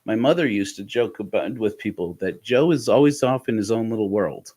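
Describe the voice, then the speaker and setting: Man, deep low voice, reflective personal storytelling, halting restarts, candid. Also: slightly rough. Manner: halting, with frequent restarts and soft laughs; candid, intimate. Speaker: host of a personal podcast talk.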